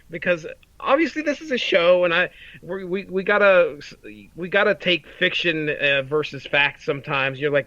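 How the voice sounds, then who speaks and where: A man in his thirties chats loosely on a podcast, laughing often and restarting his sentences. His voice is bright and a touch high. It sounds dry and a little dull, as if from a home mic. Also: dry recording. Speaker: podcast co-host. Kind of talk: casual chat.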